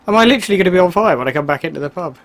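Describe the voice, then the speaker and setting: Excitable man commenting on a game. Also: high voice, very fast, a little hiss or hum. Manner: chatty, excitable, laughs often. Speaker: let's play gamer. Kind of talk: casual gameplay commentary.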